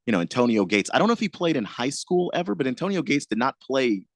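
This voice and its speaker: A man co-hosting sports talk radio, laying out his reasoning in a measured, skeptical way. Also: medium pitch, very animated, no room sound.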